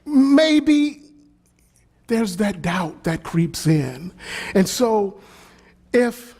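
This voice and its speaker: A man's voice: sits high, lively intonation, extremely slow, darkish tone, husky. A man, the pastor, preaching a sermon with swelling emphasis and repeated phrases.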